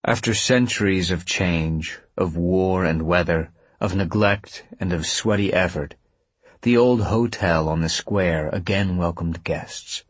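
A man narrating a story in a calm, measured audiobook reading. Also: deep voice, slightly rough, no room sound. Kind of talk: scripted narration.

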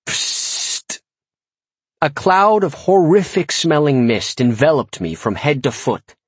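A man reading a comic first-person audiobook with wry, lively storytelling. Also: medium pitch, breathy edge, no echo. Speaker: audiobook narrator.

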